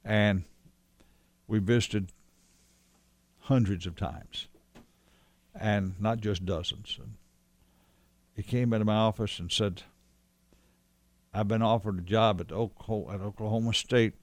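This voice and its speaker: A man's voice: fairly low pitch, steady tone, unhurried, pauses often, no room sound. A man casually recounting memories of an old friend, rambling with restarts and quoted dialogue. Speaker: storyteller guest recalling a friend. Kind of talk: casual conversational storytelling.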